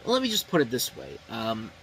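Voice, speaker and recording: A man's voice: medium pitch, huge pitch swings, normal speed, a bit bright, a little hiss or hum, low-quality recording. A man hosting a casual movie review show, seated, talking in a rambling way with many fillers and restarts. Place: indoors, seated.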